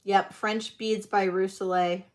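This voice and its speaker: A woman hosting a livestreamed vintage jewelry auction, chatting to viewers and gushing excitedly over the pieces. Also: mid-range voice, a little slow. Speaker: host of a live jewelry sale. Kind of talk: live auction chat.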